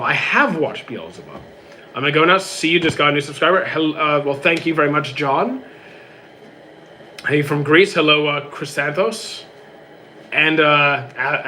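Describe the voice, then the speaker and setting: A young man hosts a live stream, reading viewers' questions aloud and answering each one fast and casually. His voice is bright and sits a little high for a man. A faint room hum runs under the recording. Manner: quick, reads questions aloud then answers briefly.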